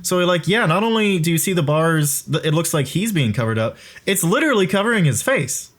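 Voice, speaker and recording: Excitable young man rambling commentary. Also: fairly high pitch, fairly quick. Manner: excitable, rambling, swears freely, laughs a lot. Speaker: video creator giving commentary. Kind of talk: casual commentary over his own video.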